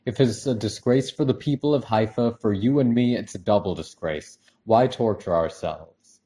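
A man voicing an anguished middle-aged husband who speaks forcefully and emphatically in a storybook reading. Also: lowish voice, moderate pace, pitched above the performer's own voice, lightly acted.

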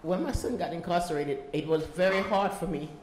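A fairly low-pitched, slightly mellow voice belongs to a middle-aged volunteer who speaks a little fast as she gives a tearful testimony at a community meeting, pleading and going over the same points again. The recording, made in an echoey meeting room, carries a bit of hiss or hum.

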